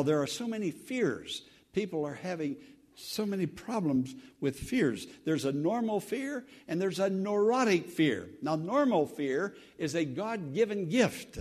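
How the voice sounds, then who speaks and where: A male pastor preaching with an earnest, lively voice that climbs and falls a lot, sitting a touch above the usual male pitch. He swells loud, then sinks to a near hush, with halting restarts along the way. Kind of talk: sermon.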